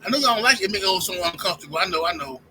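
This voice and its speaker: Talking very fast in a high-pitched, sharp voice with lively intonation, this sports YouTuber rants heatedly about his opinions, addressing viewers directly as y'all. The recording is rough, carrying a bit of hiss or hum.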